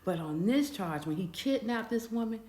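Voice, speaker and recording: A woman casually narrating a dramatic story in a chatty, animated way. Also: medium pitch, normal speed. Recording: echoey room.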